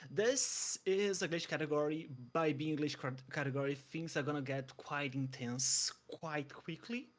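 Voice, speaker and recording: A young man commentating a live speedrun, eager and stumbling over restarts with quick chuckles. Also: a little high.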